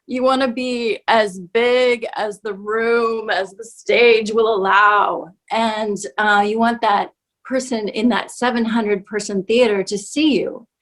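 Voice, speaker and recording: A woman actor speaks slowly and thoughtfully as an interview guest on a video call. Her answer is measured, and fillers come up as she searches for the right words. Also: on the high side, fairly even intonation.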